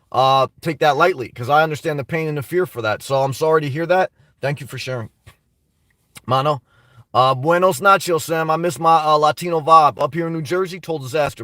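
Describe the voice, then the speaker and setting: A man's voice: on the high side, fairly bright tone, dry recording, distant mic. A man hosting a live stream, reading out chat messages and answering in a blunt, swearing, chatty way. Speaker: livestream host reading chat. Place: home in New Jersey.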